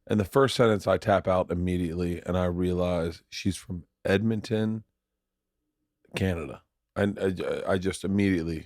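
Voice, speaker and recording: A man's voice: low-pitched, darkish tone, dry recording, studio quality. A middle-aged man telling a family story at home in casual, rambling speech, repeating words as he goes. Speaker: podcast guest, husband. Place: home, late night.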